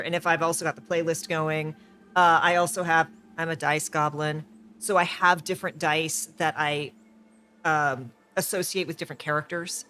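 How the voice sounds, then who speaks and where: Bright-voiced man chatting. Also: a little high, a little hiss or hum. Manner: rambling, enthusiastic, self-correcting. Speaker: podcast co-host. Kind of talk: casual chat about tabletop role-play.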